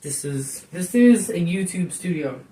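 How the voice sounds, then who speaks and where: A woman's voice: lowish voice, expressive, a little slow, warm tone. A woman chatting casually and rambling on a live stream from her kitchen, swearing and joking with viewers. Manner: rambling, profane, jokey. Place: home kitchen.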